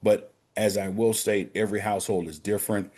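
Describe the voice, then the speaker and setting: A man who works as a banker, giving a practical financial literacy talk on a prayer call and speaking directly to his listeners as gentlemen and brothers. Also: fairly low pitch, level tone, a little fast, husky.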